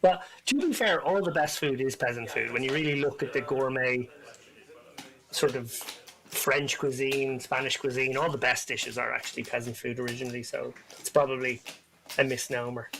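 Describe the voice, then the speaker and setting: A man's voice: mid-range voice, fairly even intonation, normal speed, vocal fry, fairly bright tone, slight background noise, poor audio. A man co-commentating live poker, musing and chatty, often restarting his sentences.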